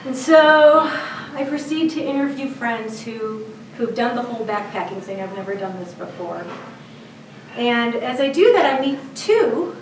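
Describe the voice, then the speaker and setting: Woman from chicago, live storyteller, fairly high voice, roomy hall, distant mic. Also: slight background noise. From South Side of Chicago. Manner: lively, conversational, laughing at her own story. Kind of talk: personal storytelling performance. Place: storytelling event.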